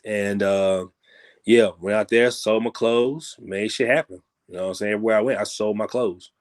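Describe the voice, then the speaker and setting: A man talking as a guest musician in a casual interview, rambling loosely and peppering his talk with "you know what I'm saying", growing animated when he makes a point. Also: normal speed. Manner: grows animated and higher when making a point.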